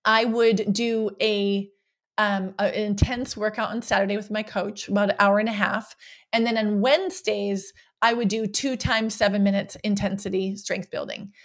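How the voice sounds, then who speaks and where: A woman's voice: mid-range voice, fairly even intonation, moderate pace. A woman hosting a podcast as a coach, talking casually and playfully, often checking in with "right?". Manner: upbeat, playful, often ends points with "right?". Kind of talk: casual motivational podcast talk.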